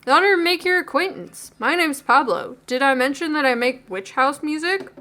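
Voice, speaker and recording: A laid-back young male skater barista with a slow, drawling, showy delivery, as a woman puts him on. The tone stays bright and forward, with a pitch a little above the usual for a man. He hams it up in a cartoonish dating-game way. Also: expressive.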